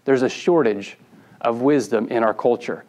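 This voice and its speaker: Male pastor, mid-pitched voice, casual preaching with repeated points. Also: normal speed, a little mellow, poor audio. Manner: conversational preaching with restarts and emphatic repetition. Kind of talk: sermon. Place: church sanctuary.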